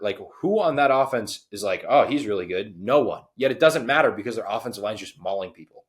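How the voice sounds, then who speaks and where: Excitable young man chatting about football. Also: fairly low pitch. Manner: excitable, quick to quote others in a dude-voice. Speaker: podcast co-host. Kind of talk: casual sports chat.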